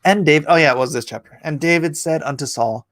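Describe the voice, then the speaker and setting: A man with a slightly high voice, quick pace, and fairly bright tone reads scripture aloud on a casual livestream, with no echo. He breaks off to joke and greet chat viewers by name, laughing at his own asides.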